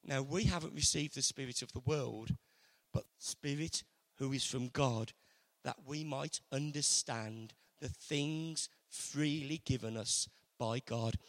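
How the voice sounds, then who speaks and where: A man preaching a sermon earnestly, moving between loud emphasis and hushed, intimate passages. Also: mid-range voice, a little slow. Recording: long hall reverb.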